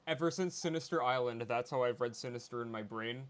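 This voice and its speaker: A man joins as a guest for a casual chat. He is easygoing and sometimes slips into camp impressions. His voice sits at an ordinary pitch. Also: brisk, clear, resonant tone.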